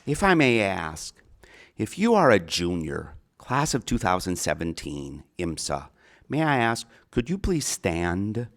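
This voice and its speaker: A man's voice: low-pitched, big pitch swings, a little slow, fairly bright tone. A middle-aged man with a Minnesota accent giving a folksy keynote speech as a college counselor, often repeating his phrases.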